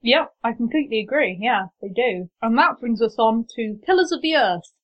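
A woman's voice: on the high side, animated, moderate pace. A woman hosting a casual book podcast, talking in a chatty, enthusiastic way. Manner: chatty, enthusiastic, lots of restarts. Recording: slightly dull lo-fi recording.

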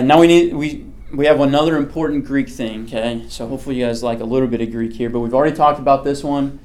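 A man's voice: medium pitch, a little mellow. Man teaching a casual Bible study. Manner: conversational, checks in with frequent "okay" and "right"; asks the group questions. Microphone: slides or screen presentation with a pointer.

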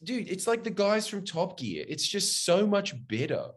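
A man and comedian co-hosting a podcast, joking in a crude, animated way. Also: high voice, normal speed, breathy edge. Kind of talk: casual chat.

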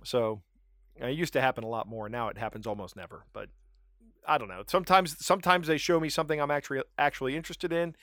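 A man co-hosting a podcast, chatting casually and telling stories with animated, self-mocking asides. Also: medium pitch, fast, dry recording, clean studio sound. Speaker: podcast co-host. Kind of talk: casual chat.

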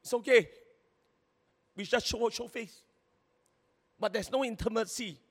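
A male pastor, preaching a sermon in an animated, exclaiming way, with many repeated words and sentence particles. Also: very high-pitched, measured pace, slightly rough, big-room sound.

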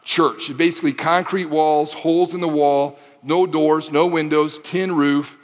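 A man in his forties from the Detroit area delivers a sermon in a slightly higher voice, climbing into impassioned repeated phrases. He drops into casual, joking asides to the congregation between those passages. His voice carries a long reverb from a large hall. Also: fairly even intonation, unhurried, a little hiss or hum. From Michigan, Detroit area. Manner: builds to impassioned, rising emphasis with repeated phrases. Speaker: pastor.

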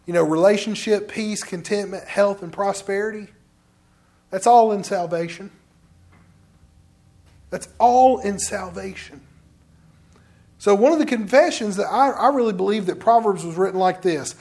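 A man's voice: high voice, normal speed, long pauses, a little mellow. A man pastor preaching a sermon in a conversational, direct way to his congregation.

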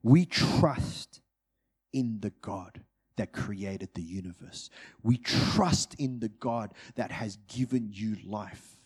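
A man preaching a sermon to his congregation, moving between urgent, loud peaks and hushed, drawn-out phrases. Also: husky. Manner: dynamic, swings from loud urgent peaks to hushed low delivery.

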